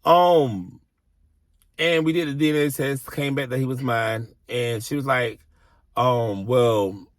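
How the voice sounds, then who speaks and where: A man's voice: mid-range voice, fairly even intonation, a little slow, no room sound. A man telling a personal story in a casual vlog from his car, blunt, exasperated and heavy on profanity.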